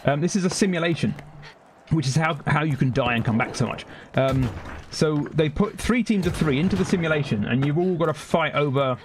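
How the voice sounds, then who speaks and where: Against a noisy background, a London-accented British man streams a game live, his slightly high voice moving a little fast. He chats casually with viewers and meanders from one topic to the next.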